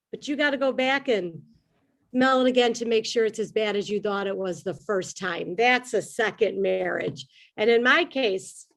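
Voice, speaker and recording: A middle-aged woman from the South Side of Chicago with a Chicago accent, doing an upbeat, self-deprecating stand-up comedy set. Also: a little high.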